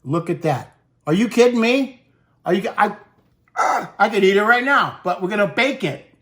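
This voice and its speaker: A man's voice: sits high, animated, normal speed, fairly bright tone. A man hosting a cooking show, chatting casually to the viewer as he demonstrates a recipe and drops in Italian food words.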